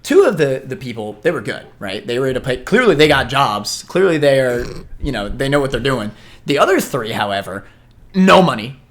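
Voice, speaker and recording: A young man with a mid-range voice chats on a casual podcast. He tells his stories steadily, filling the pauses with "uh" and "like". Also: medium pitch, big pitch swings, fairly bright tone. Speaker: podcast co-host.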